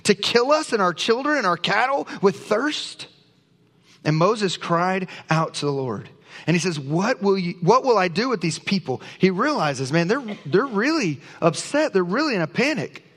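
A man's voice: sits high, big pitch swings, moderate pace, fairly bright tone. Earnest male preacher in a reverberant church. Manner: earnest, emphatic preaching with scripture reading. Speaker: pastor. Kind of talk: sermon. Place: church sanctuary.

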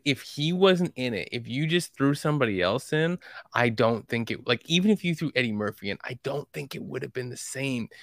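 A man chats about movies on a podcast in a loose, rambling way, full of fillers and quick laughs. His voice sits in a middle range, and the sound is dry and close. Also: mid-range voice, no echo. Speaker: podcast co-host. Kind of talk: casual movie discussion.

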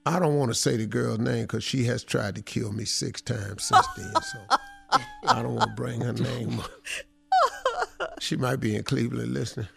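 Gravelly laughing storyteller man. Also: mid-range voice, steady tone, moderate pace, a bit bright, faint music behind. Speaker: radio show host. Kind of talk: storytelling banter.

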